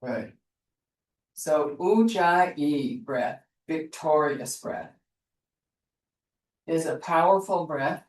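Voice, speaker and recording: A woman yoga teacher giving slow, soothing guided instructions in an online class from her studio. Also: deep voice, expressive. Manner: slow, soothing guidance with soft pauses. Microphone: distant laptop mic on an online class. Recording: roomy, distant sound from far off.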